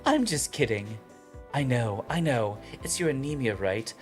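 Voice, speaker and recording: A man's voice: mid-range voice, lively intonation, unhurried, soft background music, voice pushed up, lightly acted. A man voicing a playful young woman teacher in a light, lilting, teasing voice.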